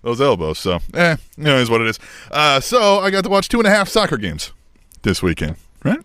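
Middle-aged man, podcast co-host, lively swinging pitch, dry dead room, casual chat. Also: fairly quick, smooth, no room sound. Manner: animated storytelling, keeps asking "right?".

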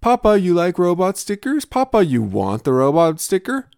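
A man's voice: high-pitched, huge pitch swings, normal speed, vocal fry, darkish tone, smooth, no echo, clean studio sound, pitched above the performer's own voice, heavily acted. A man voicing a little boy who pesters his papa over and over. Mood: wheedling. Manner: wheedling, repeats himself.

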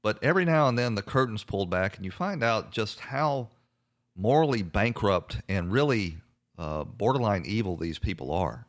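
A man's voice: fairly low pitch, animated, normal speed. A man hosting a political talk show, giving indignant commentary with many hesitations and fillers. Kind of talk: conservative radio talk commentary.

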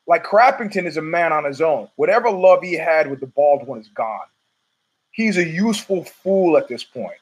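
Middle-aged man, fairly high voice, rambling, profane, opinionated podcast monologue. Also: animated, normal speed, dull audio. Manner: rambling, profane, many restarts. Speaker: podcast host.

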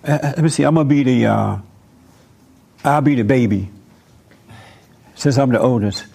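An older man preaching a sermon, telling a story in an animated way and acting out the voices of the people in it. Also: mid-range voice, normal speed, vocal fry. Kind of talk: sermon with role-play demonstration.

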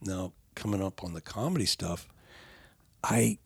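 Gravelly older man, halting talk. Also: deep voice, no echo, clean studio sound. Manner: halting, restarts, then animated. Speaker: podcast guest, father of the host. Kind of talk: casual podcast conversation.

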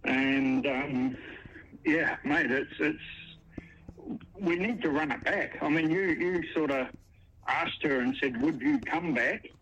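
A man with a New Zealand accent phoning a talkback show, angry and halting with many ums. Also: a little high, fairly bright tone, breathy edge, dull audio. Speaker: caller. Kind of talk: phone-in call.

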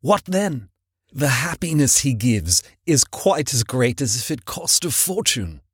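A man reading the part of a grasping, defensive younger Scrooge in an audiobook, in a measured, expressive way. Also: mid-range voice, slightly rough, no room sound, studio quality. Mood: earnest.

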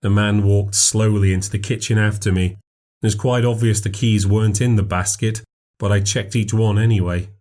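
A man narrating a ghost story in a measured, steady way. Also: fairly low pitch.

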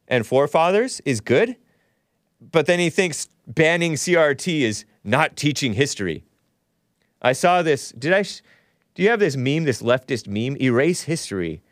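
A podcast host with a medium-pitched voice delivers solo political commentary as a combative, sarcastic rant, frequently restarting and correcting himself. The recording is studio quality with no room sound.

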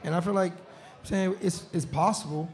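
A man's voice: high voice, fairly even intonation, brisk, darkish tone. A man chatting casually on a live podcast taped in a restaurant, laughing often and filling with "you know what I'm saying". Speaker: pro football player, show guest host. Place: restaurant during a live show.

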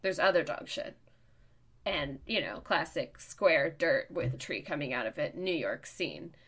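A woman podcast host telling a story in casual chat, getting louder and more worked up as she goes. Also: a little slow, breathy edge. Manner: animated, gets louder and higher as the story heats up. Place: New York.

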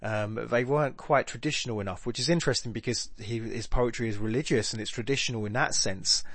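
A man's voice: medium pitch, fast, fairly bright tone, no echo. Man musing aloud over a poem, dry sound. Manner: rambling, self-correcting, with filler ums and restarts. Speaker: podcast host analysing poetry. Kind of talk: casual spoken analysis, thinking aloud.

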